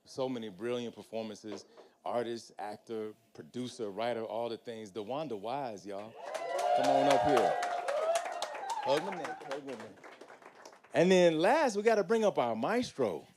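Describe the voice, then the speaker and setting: A man hosts a live panel with the pumped-up cadence of a church preacher. His voice sits at an ordinary middle pitch, and his slang is loose and friendly. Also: a little slow, heavy background noise. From United States. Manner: energetic, preacher-like hype with casual slang. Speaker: panel host. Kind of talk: live panel introductions and moderating.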